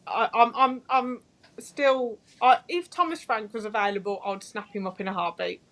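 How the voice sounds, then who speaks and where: A woman's voice: a little high, normal speed, a bit bright. A woman on a podcast, giving her views in a plain-spoken, emphatic way during a casual football chat.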